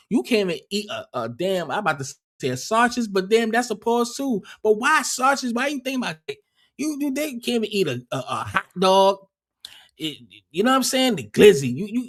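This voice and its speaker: A man hosting a livestream, rambling and joking in crude, profane casual banter. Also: high voice. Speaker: livestream host.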